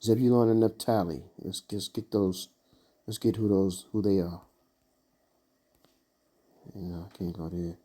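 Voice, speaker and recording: A man leading an informal scripture study, halting and searching for words with many fillers as he reads and explains verses. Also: sits low, fairly even intonation, warm tone. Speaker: Bible teacher.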